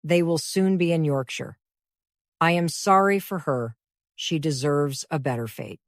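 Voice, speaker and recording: A woman reading the part of an earnest gentleman, speaking low and with deep feeling. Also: measured pace, no room sound, studio quality. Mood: tender. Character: earnest gentleman, older friend, tender and grave.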